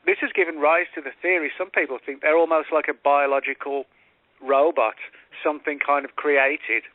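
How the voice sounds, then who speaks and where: A man, a guest author on a call-in radio interview, explains at length in a measured way with frequent fillers and restarts. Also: on the high side, steady tone, no echo. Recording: tinny phone-line audio, dry.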